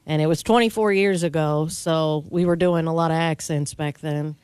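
A woman's voice: sits low, fairly even intonation, normal speed, darkish tone, clean tone, dry recording. A woman who reads the news on a radio show, chatting in a modest, slightly shy way. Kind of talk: casual radio talk.

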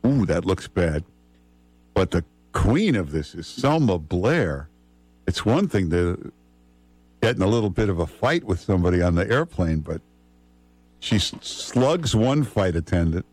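A radio host, his voice sitting on the low side. He talks in a relaxed, conversational way and fills pauses with "uh" a lot. The sound is close and dry, straight from a studio mic. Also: husky, dry recording. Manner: relaxed, conversational, frequent "uh" fillers. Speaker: radio talk host filling in. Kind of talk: casual talk radio banter and live ad read. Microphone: studio broadcast mic.

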